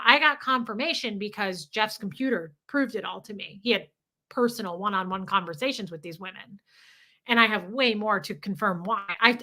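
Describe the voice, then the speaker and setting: Bright-voiced woman, blunt and raw. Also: medium pitch. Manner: raw and emotional, blunt, swears freely. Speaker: livestream host. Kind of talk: candid confessional livestream talk, reading viewer comments.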